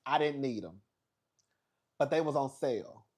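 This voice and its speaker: His mid-range voice has a breathy edge and moves at normal speed. Hosting a casual reality show gossip recap, he swears, throws in dramatic asides, tells stories with sass and laughs a lot.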